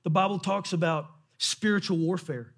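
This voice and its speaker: A man preaching a sermon in a church, impassioned and often shouting, acting out the voices of doubters. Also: high voice, moderate pace. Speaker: pastor.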